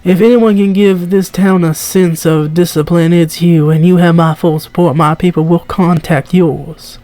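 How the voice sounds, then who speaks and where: A streamer voicing a stern woman rancher with a riding crop, in a put-on Southern drawl and a slow, measured delivery. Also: medium pitch, fairly even intonation, dark tone, natural voice. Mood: formal. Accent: put-on American Southern drawl.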